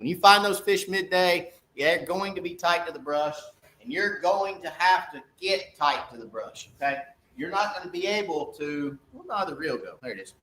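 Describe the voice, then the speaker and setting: A man's voice: on the high side, animated, normal speed, sharp tone. A middle-aged man, a fishing guide talking casually on a live stream, folksy and repeating "okay?" to his viewers.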